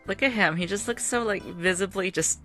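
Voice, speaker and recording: A woman chatting casually while playing a game, her voice hoarse and tired, rambling with fillers and laughs. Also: medium pitch, a little fast, pushed and bright, soft background music. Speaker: gaming video creator. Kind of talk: casual gameplay commentary.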